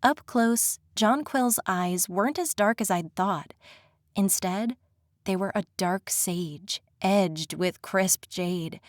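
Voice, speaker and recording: A woman's voice: on the low side, no room sound, studio quality. A woman narrating a first-person fantasy audiobook in a wry, conversational storytelling manner.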